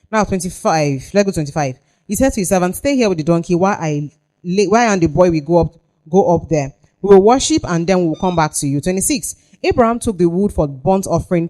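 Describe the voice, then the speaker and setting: A woman's voice: fairly low pitch, mellow. A woman leading a parenting workshop, reading scripture aloud and pressing the audience with questions. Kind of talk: workshop teaching with Bible reading.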